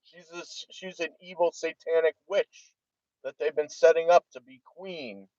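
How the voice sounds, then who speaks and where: A man's voice: on the high side, a little slow, darkish tone, dry recording. Profane rambling man with a Jersey accent. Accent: New Jersey. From New Jersey. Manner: heavily profane, rambling, trailing off. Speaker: vlogger. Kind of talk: rambling monologue to camera. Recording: dull lo-fi dry recording.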